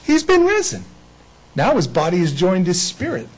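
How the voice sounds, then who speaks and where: A man preaching an Easter sermon in a lively way, acting out the people in the story. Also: high voice, moderate pace, breathy edge, poor audio. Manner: animated, acts out bible figures. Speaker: pastor.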